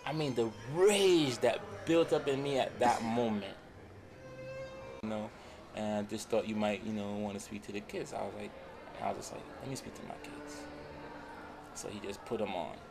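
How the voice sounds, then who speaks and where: A man's voice: on the low side, normal speed, gravelly. A man playing a heartbroken, estranged father who rambles and quotes the people he talks about, as in improvised film dialogue. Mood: sad, subdued. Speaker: father telling his story. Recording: music playing under the voice.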